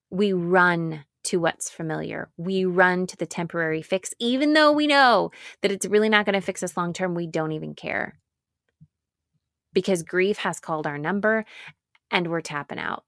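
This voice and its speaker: Woman pastor-speaker, earnest and emphatic, slightly low voice, close and dry. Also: no echo. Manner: earnest, emphatic, with repeated phrases and slow pauses. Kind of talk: reflective spoken talk on grief.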